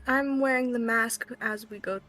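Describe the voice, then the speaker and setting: A woman playing in a casual tabletop role-playing game, giggly and animated. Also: a little high, moderate pace. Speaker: player.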